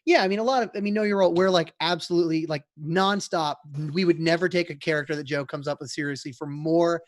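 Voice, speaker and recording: Rambling, slightly high-voiced man. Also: fairly even intonation, fast talker, dry recording, studio quality. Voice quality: rambling, filler-heavy. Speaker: podcast guest. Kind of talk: casual round-table chat.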